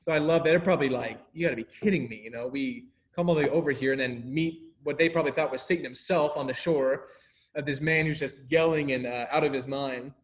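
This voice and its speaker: A man leads a relaxed Bible class in a mid-pitched voice. He talks in an animated way, laughs often, and acts out the lines of the people in his story. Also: brisk. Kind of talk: casual Bible lesson.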